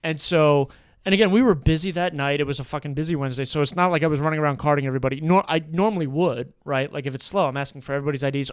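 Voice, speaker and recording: A man's voice: fairly high pitch, rapid-fire, clean tone, no echo, studio quality. A man with a New England accent telling a bartending story in casual, profane chat, acting out the people in it. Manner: animated, profane, acts out voices in stories. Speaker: podcast guest.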